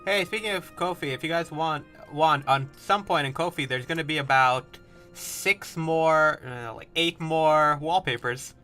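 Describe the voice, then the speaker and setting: A man in a relaxed group call who jokes dryly and chuckles between lines. His voice is bright and a bit high for a man. Faint music hums behind him. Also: measured pace. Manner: dry joking, chuckles a lot. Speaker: show regular. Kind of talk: casual group chat on stream.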